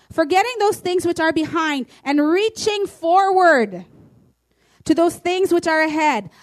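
A woman pastor preaching a sermon, emphatic and declaring, reading scripture aloud. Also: sits high.

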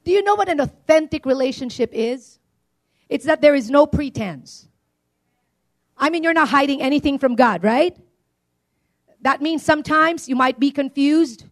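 High-pitched female preacher, animated call-and-response sermon style. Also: normal speed, long pauses. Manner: animated, swings between loud declarations and quiet asides.

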